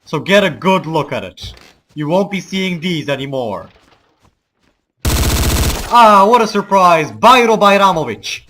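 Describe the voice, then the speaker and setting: A man's voice: high voice, big pitch swings, measured pace, pauses often. A man from the Balkans in a forced American accent, commenting on gameplay with mock-grandiose war speeches and wry asides. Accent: forced American over a Balkan one. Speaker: let's play gamer. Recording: loud game sounds under the voice. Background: game ambience and vehicle noise.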